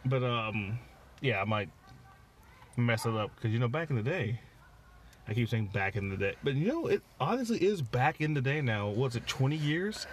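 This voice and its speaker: In a casual podcast chat, a male co-host rambles along, often using fillers and restarting his sentences. His mid-range voice is very animated at normal speed, with slight hiss or hum in the audio.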